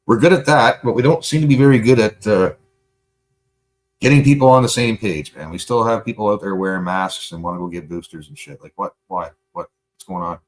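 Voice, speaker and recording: A Canadian man hosts a loose livestream, rambling from thought to thought. He swears constantly and leans on fillers, and his voice sits fairly low. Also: a little fast. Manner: rambling, profane, heated, many fillers. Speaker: livestream host. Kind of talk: casual livestream monologue, reading chat.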